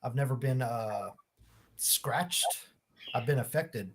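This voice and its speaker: A man on a casual podcast making brief, halting remarks about ghost hunting. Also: mid-range voice, breathy edge. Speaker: paranormal investigator.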